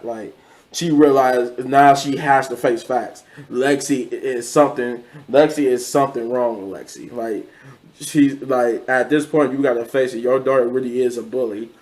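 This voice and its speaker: A man's voice: mid-range voice, darkish tone, poor audio. A man casually recapping a TV episode, rambling, with many restarts and quoted lines. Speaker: show reviewer.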